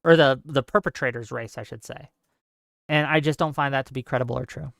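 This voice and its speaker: A talk show host giving emphatic, argumentative commentary and rebutting viewer comments, often adding quick tag questions. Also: medium pitch, fairly even intonation, gravelly, fairly bright tone, no room sound, clean studio sound. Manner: frequent tag questions and fillers. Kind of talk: live call-in commentary, reading viewer comments.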